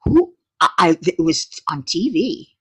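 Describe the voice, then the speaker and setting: A woman chats on her own channel in a slow, low-pitched voice with a breathy huskiness. Her pitch swings widely, and she laughs often, keeping the talk playful and relaxed. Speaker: channel host. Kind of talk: casual chat to viewers.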